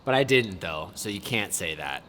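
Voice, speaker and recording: A young man hosting a casual car vlog, chatting excitedly with lots of "like" and "dude". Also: low voice, moderate pace. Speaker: car vlogger host. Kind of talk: casual chat. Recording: loud background noise.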